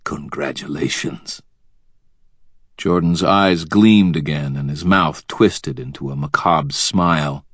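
This is a man narrating an audiobook in the first person, with a very low, deep voice. His delivery is wry and measured. The close studio recording is dry. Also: no room sound.

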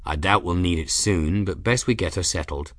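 A man's voice: sits low, normal speed, a bit bright, no echo, pitched below the performer's own voice. A man doing a grim, stern airship captain. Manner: stern, dry understatement.

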